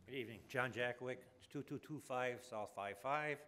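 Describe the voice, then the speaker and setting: Halting man with a complaint. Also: medium pitch, sharp tone. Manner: halting, with many uhs, then blunt. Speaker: resident speaking at public hearing. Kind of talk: public comment at city meeting.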